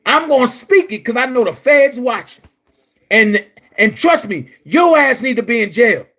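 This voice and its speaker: A man delivering a heated, profane rant to his viewers, shouting at times. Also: extremely high pitch, expressive, moderate pace. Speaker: commentary vlogger. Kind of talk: angry rant to camera.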